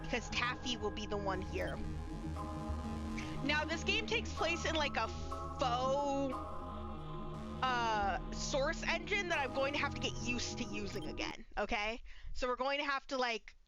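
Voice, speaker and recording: A woman's voice: sits high, expressive, unhurried, over loud music. A woman streaming a horror game live from her bedroom, chatting nervously and breaking into frightened squeals. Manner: jittery, scared, squealing outbursts. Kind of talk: live gameplay commentary. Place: home bedroom.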